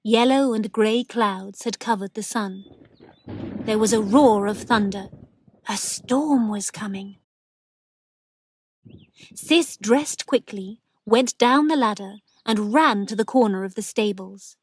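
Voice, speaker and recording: A woman narrating a story slowly and clearly for English learners. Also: mid-range voice, no echo. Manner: slow, clear, even. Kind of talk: slow reading for English learners.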